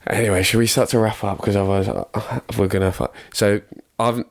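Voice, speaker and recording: A man's voice: on the low side, flat delivery, fairly quick. A young man co-hosting a football podcast, congested, chatting in a rambling, self-mocking way. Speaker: podcast co-host. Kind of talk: casual football chat.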